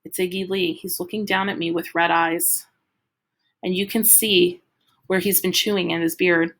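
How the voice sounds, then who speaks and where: A woman's voice: fairly low pitch, steady tone, normal speed, fairly bright tone, poor audio. A woman reading a first-person audiobook aloud with vivid, dramatic storytelling. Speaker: audiobook reader.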